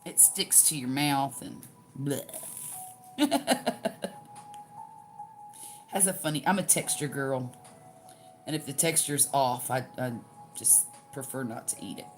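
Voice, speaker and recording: With faint music in the background, a crafting livestream host, an older Southern woman from the Gulf Coast, reads out viewer comments in a folksy chat, laughing frequently. Her voice is extremely low yet lively in intonation and a little mellow, slow and often paused.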